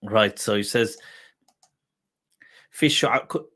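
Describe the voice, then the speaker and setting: A male host telling a humorous historical anecdote in a relaxed, chatty way, often laughing as he goes. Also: fairly low pitch. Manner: laughing while retelling a humorous anecdote, quoting poetry; slow, unhurried delivery. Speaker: host and religious teacher. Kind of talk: casual storytelling talk.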